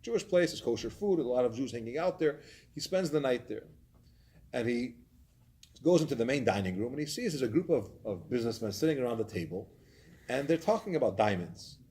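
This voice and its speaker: A man's voice: mid-range voice, lively intonation, a little fast, a little mellow. A man, a community rabbi, telling a story in a Torah class, animatedly acting out its scenes.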